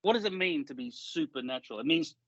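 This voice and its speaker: A man's voice: on the high side, animated, quick pace, no room sound. A man co-hosting a casual podcast, rambling and swearing often while laughing easily. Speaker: podcast co-host. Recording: dry, dull lo-fi sound.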